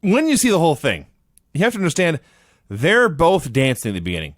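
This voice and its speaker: A man's voice: fairly high pitch, wildly swooping pitch, brisk, no echo. A man co-hosting a podcast, retelling events in casual chat with dry understatement. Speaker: podcast co-host.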